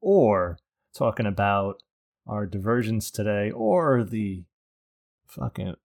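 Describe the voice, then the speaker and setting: A man's voice: fairly low pitch, expressive, slow pace, darkish tone. A man hosting a casual gaming podcast, crude and sardonic, swearing often. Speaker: podcast host.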